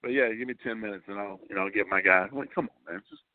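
Animated man telling stories by phone. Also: on the low side, fast, no echo. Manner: animated storyteller, does voices of friends. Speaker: caller. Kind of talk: casual sports talk. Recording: tinny phone line.

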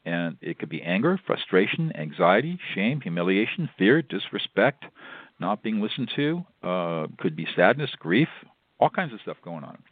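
A man's voice: sits low, sing-song, dry recording. An older man, a mediator and law professor, explaining step by step as a radio interview guest. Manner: measured, instructive, repeats himself. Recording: tinny phone line.

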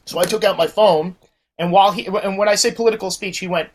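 A man's voice: sits high, fast. A man telling stories as a podcast guest, swearing freely and mimicking the people in his anecdotes. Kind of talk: casual storytelling chat.

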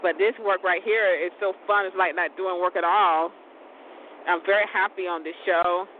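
A man's voice: steady tone, normal speed. A man hosting his own show in a loose, rambling chat, laughing often and cursing mildly. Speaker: show host. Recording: tinny phone-like audio with vehicle rumble.

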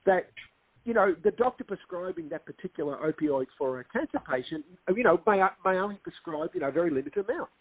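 A man's voice: sits high, lively intonation, quick pace, breathy edge, no room sound. A film director as a guest in a casual interview, explaining earnestly and acting out quotes as he tells stories. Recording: tinny phone-line sound.

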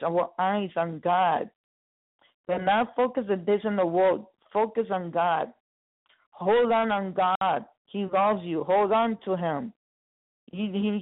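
A preacher giving an earnest, repetitive sermon full of halting restarts, often calling listeners brothers and sisters. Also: mid-range voice. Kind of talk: spontaneous evangelistic preaching. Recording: tinny phone line.

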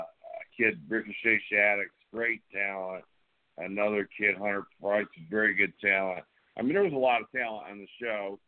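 A middle-aged man hosting a wrestling show, chatting casually with a promo-style swagger and calling people brother. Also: on the low side. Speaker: host. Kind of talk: casual chat. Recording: tinny phone-like line.

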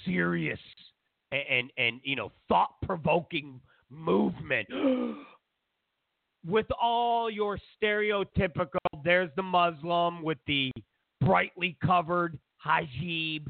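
A man's voice: sits high, slow, creaky, no room sound. A man hosting a talk show, delivering a sarcastic, digressive, opinionated rant. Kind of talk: opinionated monologue. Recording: dry, phone-like narrow sound.

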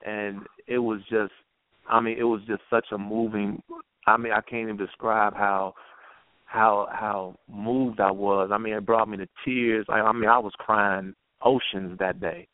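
A man guest telling a personal story in an earnest, halting way, with many restarts, heard over a tinny phone line. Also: lowish voice, level tone, no echo. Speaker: guest poet.

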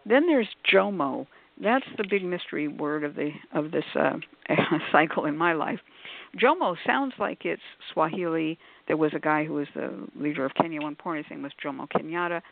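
A woman's voice: low-pitched, expressive, normal speed, vocal fry, no echo. A woman author on a call-in radio panel, explaining at length in a discursive, scholarly way with many asides. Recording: tinny phone-like line.

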